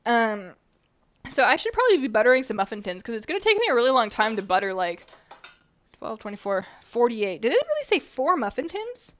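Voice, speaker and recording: A woman chatting casually while she bakes on a stream, rambling a bit, her voice slightly rough at the tail end of a cold. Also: on the high side, sing-song, fairly quick, a bit bright. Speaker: baking streamer. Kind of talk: casual chat while baking.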